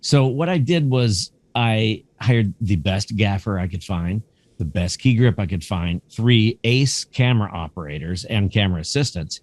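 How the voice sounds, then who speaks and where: A man in his fifties, a cinematographer and museum curator, chatting as a podcast guest and telling animated stories. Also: fairly low pitch, moderate pace, dry recording. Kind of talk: casual anecdotal storytelling.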